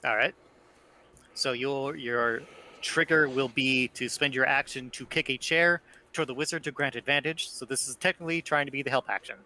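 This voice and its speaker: A man's voice: medium pitch, steady tone, normal speed, pushed and bright, a little hiss or hum, low-quality recording. A man acting as game master, explaining rulings step by step. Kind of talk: running a tabletop game.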